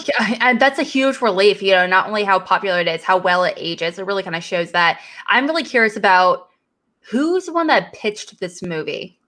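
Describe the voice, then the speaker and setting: Laid-back woman chatting about movies, sleepy and hesitant, mid pitch. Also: normal speed. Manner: relaxed, hesitant, sleepy and yawning. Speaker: podcast co-host. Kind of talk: casual movie discussion.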